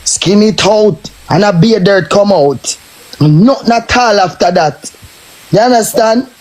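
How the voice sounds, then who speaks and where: A man's voice: high-pitched, animated, measured pace, darkish tone, poor audio. A man with a Jamaican accent, ranting and taunting in a cursing live stream tirade.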